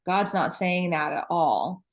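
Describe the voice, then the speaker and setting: A woman co-host speaking in a measured, thoughtful way. Her voice sits a little low for a woman. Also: lively intonation. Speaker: podcast co-host. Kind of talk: conversational discussion.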